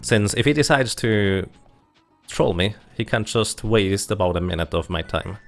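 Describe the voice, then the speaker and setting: A man giving steady, explanatory live commentary on his own speedrun. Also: fairly low pitch, measured pace, vocal fry, faint music behind. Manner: steady explanatory, light laughs.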